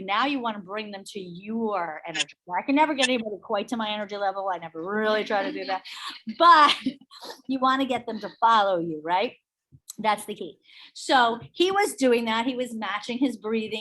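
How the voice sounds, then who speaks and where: A middle-aged woman leading a real estate sales training, chatty and energetic, telling stories to the room. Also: a little high. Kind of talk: training workshop talk.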